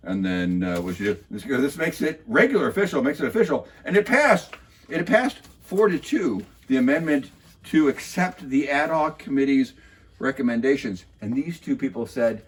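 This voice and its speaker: Man, husky voice, mid-range pitch, sarcastic and rambling, casual meeting recap. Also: animated, moderate pace. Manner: sarcastic, rambling, many fillers and restarts. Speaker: local commentator recapping a council meeting.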